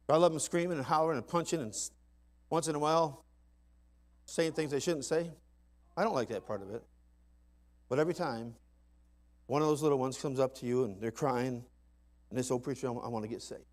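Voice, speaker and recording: A man preaching a sermon in a folksy, emphatic way, dropping to soft asides and rising to loud climaxes. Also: mid-range voice, a little fast, pauses often. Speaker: pastor. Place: church sanctuary.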